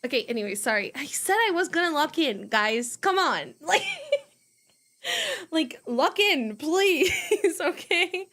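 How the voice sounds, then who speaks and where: Brief: rambling giggly woman, chatty streamer, somewhat high voice. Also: lively intonation, measured pace, bright, forceful tone. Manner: giggly, rambling, easily sidetracked. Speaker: voice acting streamer. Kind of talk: casual chat.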